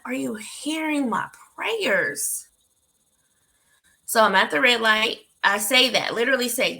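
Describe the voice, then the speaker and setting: A woman hosting a talk show for women, telling a personal story in an animated, heartfelt way and speaking to her listeners directly. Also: lowish voice, gravelly. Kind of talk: candid motivational storytelling.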